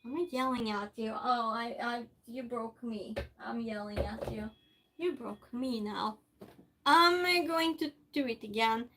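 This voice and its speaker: A woman's voice: fairly high pitch, a little slow, a bit bright, slight background noise. A woman streamer chatting casually with her viewers while she cooks in her home kitchen, talking to herself as she works. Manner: chatty, talks to herself and to chat while cooking. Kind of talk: casual livestream chat while cooking.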